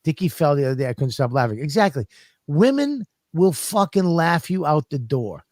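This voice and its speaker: Profane, animated man telling stories. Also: on the high side, normal speed, dry recording, studio quality. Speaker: podcast co-host. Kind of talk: casual comedic chat.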